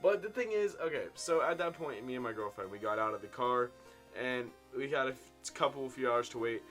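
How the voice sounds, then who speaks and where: A man in his twenties tells a casual story-time tale to his viewers, with big swings in loudness and pitch. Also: lively intonation, a little fast, faint music behind. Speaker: vlogger telling a story. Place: indoor room at home.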